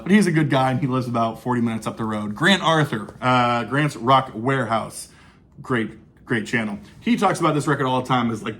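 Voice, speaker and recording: A man's voice: mid-range voice, fairly bright tone. A man casually talking through his recent record purchases, enthusiastic and rambling, with lots of fillers and restarts. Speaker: vinyl collecting YouTuber. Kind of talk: casual record haul review.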